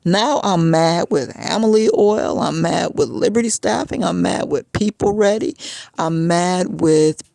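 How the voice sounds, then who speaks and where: Woman, mid pitch, gravelly; frustrated vlog rant, dry close sound. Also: a little slow, dark tone, no room sound. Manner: agitated, frustrated storytelling.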